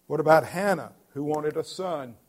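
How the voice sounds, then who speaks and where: A male pastor preaching a sermon in an earnest, emphatic way, his voice swelling loudly at points. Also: a little high, normal speed.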